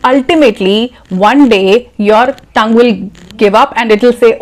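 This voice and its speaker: A woman's voice: a little high, a little slow, darkish tone. A woman with an Indian English accent, teaching English pronunciation to camera and repeating words as drills. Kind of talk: direct-to-camera lesson.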